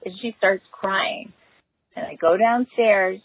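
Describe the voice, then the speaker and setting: A woman's voice: mid-range voice, slow. A mother leaving a voicemail, telling a rueful, self-mocking story about her own parenting slip. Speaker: caller. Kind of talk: voicemail confession. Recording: tinny phone-line voicemail.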